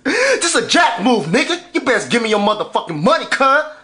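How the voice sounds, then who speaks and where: A man's voice: very high-pitched, very animated, a little fast, sharp tone, exaggerated voice. A man playing a comic character who giggles while telling of being robbed, from an old sketch video. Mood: giggling. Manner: giggles through the story.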